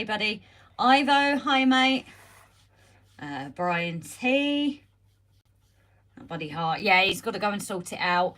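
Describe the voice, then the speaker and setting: A woman's voice: medium pitch, a bit bright. Chatty woman greeting live viewers. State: slightly croaky, recovering from illness. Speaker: livestream host. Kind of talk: casual live-stream chat. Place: home. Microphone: phone on a holder.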